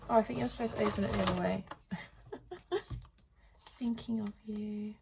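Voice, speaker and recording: A young woman talks through her day in a relaxed vlog, recorded on a phone in her bedroom. Her voice sits at a middle pitch with a lot of gravelly vocal fry, and she often slips into a breathy half-whisper. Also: fast, a little hiss or hum. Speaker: vlogger. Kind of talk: casual day-in-the-life vlog chat. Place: bedroom at home. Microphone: phone camera.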